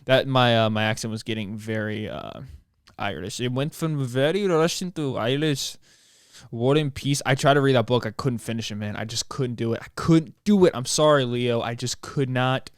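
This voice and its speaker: A man's voice: medium pitch, lively intonation, normal speed, clean tone, dry recording, clean studio sound. A young American man hosting a solo podcast, rambling and mocking himself, stumbling over words as he talks. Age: young adult. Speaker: podcast host.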